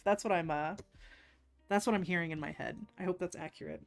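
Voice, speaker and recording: A woman's voice: fairly low pitch, fairly quick, vocal fry, darkish tone. A woman chatting casually on a live stream while doing nail art, laughing often and teasing herself.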